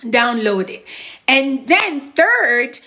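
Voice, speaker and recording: A woman's voice: high-pitched, very animated, very slow, bright, forceful tone. A middle-aged woman mentoring on a live stream, chatty and encouraging, stopping to thank viewers as she walks through steps. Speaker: home care business mentor. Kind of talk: live-stream advice chat.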